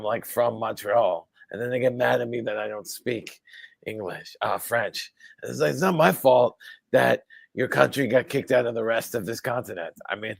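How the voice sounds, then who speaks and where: Gravelly middle-aged man, dry rambling talk. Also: medium pitch, dry recording. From US East Coast. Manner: dry, rambling, with repeated words. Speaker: stand-up comedian guest. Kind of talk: casual chat.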